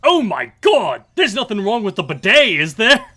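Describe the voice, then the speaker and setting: A man putting on exaggerated voices of rowdy, outraged Australian cartoon men, shouting and drawing out his words. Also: sits high, very animated, voice pushed up, exaggerated voice. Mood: indignant. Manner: shouting, drawn-out exaggerated delivery.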